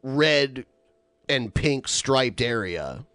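A man with a lively, swinging voice talks loosely on a podcast, filling gaps with "like" and "uh". The sound is close and dry. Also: medium pitch, extremely slow, clean tone, dry recording. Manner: explains with many fillers and restarts. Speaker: podcast co-host. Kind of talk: casual chat.

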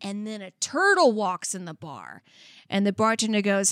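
A woman co-hosting a podcast, telling jokes in casual chat with animated delivery. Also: medium pitch, normal speed, dry recording, clean studio sound. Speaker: podcast co-host.

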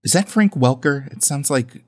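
A man's voice: medium pitch, lively intonation, normal speed, darkish tone. A man co-hosting a podcast, riffing on a movie with wry, sarcastic jokes in a casual chat. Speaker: podcast co-host.

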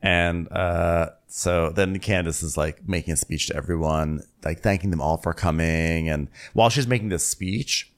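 A man's voice: deep voice, moderate pace, few pauses. A man co-hosting a podcast, recapping a reality show with wry, joking asides. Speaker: podcast co-host. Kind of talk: casual recap chat.

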